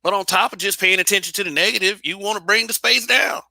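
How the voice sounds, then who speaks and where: A man's voice: high voice, fast, gravelly, sharp tone, no room sound. A man hosting his own channel, talking bluntly and casually with profanity and frequent restarts. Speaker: channel host. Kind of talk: casual opinion monologue.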